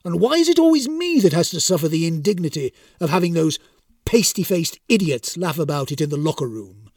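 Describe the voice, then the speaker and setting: A man's voice: fairly high pitch, very animated, brisk, a little mellow, no room sound, studio quality, far from the mic. A man voicing a put-upon male Grim Reaper spirit who complains in an indignant, plaintive way. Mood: despairing.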